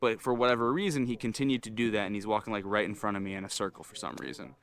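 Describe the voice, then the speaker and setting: A young man vlogging, telling a frustrated, swear-filled story in an animated, ranting way. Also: lowish voice, rapid-fire.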